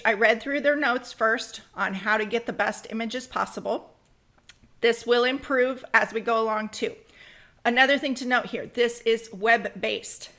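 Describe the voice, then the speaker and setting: A woman hosting a screen-recorded crafting software tutorial, chatty and practical, speeding up when she gets excited. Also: fairly high pitch. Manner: practical, direct advice.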